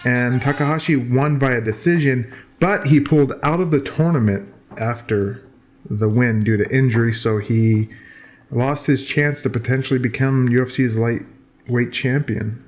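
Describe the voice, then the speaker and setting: A man's voice: mid-range voice, moderate pace. A man giving casual, joking commentary while watching old fight footage, with lots of fillers and restarts.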